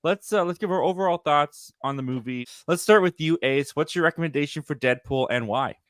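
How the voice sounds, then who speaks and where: A man's voice: a little high, fairly quick, fairly bright tone, clear, resonant tone, no echo, clean studio sound. A man hosting a live film review chat, steering the talk and asking the others for their verdicts. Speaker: host of a movie review stream.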